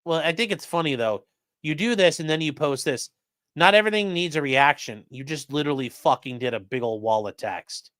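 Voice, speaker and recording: A man's voice: medium pitch, lively intonation, a little fast, no room sound, studio quality. A man doing mocking, sarcastic live-stream commentary while reading chat, swearing often.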